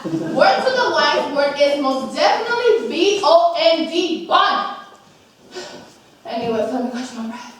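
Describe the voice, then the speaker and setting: A woman playing a brash, foul-mouthed, street-talking woman saint with swaggering slang, performed loudly on a college theater stage. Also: high voice, a little hiss or hum. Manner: loud, taunting stage delivery. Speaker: stage actor. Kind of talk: live stage monologue. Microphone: far camera mic. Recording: echoey stage from far off.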